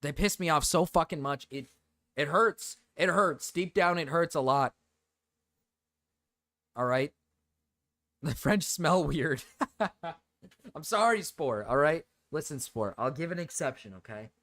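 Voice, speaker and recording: A man's voice: fairly high pitch, expressive, a little slow, long pauses, bright, forceful tone, dry recording, clean studio sound. A man streaming, rambling through joking rants with lots of repetition and swearing. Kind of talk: casual live-stream chat.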